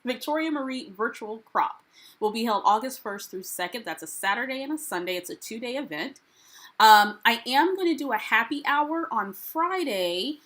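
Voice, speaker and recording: A woman's voice: a little high, animated, moderate pace, a bit bright. Chatty American woman hosting a livestream. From United States. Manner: chatty, reads viewer comments aloud, upbeat greetings. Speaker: livestream host. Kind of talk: casual live-stream chat.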